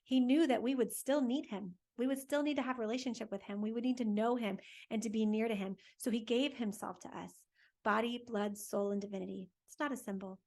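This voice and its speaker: A woman hosting a faith lesson for families, telling a Bible story to children in a lively, conversational way and asking her listeners questions as she goes. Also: fairly high pitch, brisk. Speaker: catechist host for families.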